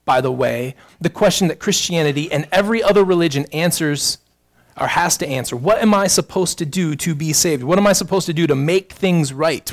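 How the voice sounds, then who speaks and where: A man preaching a sermon as pastor, addressing the congregation directly with earnest rhetorical questions. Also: on the high side.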